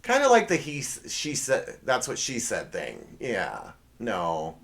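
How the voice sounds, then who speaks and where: A man's voice: medium pitch, wildly swooping pitch, slow pace, vocal fry, a bit bright. Sarcastic guy hosting a comedy podcast, voice bouncing all over, rambly and casual. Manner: sarcastic, rambling, self-correcting asides. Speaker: podcast host.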